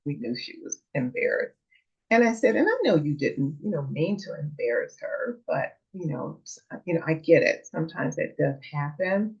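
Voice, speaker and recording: A woman hosts a parenting channel and tells a story in a low voice that rises and falls a great deal. She speaks earnestly and acts out each person's lines as she goes. The recording sounds dull and lo-fi. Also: normal speed. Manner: earnest, calm retelling with quoted dialogue. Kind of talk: storytelling monologue.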